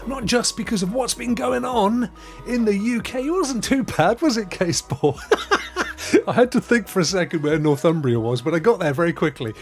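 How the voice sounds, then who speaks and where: A chatty man hosting a live stream, his voice sitting a little high and bouncing all over the place as he greets viewers. He keeps it upbeat and laughs easily, with soft music playing underneath. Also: animated, normal speed. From England. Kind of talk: casual live chat, reading viewer comments.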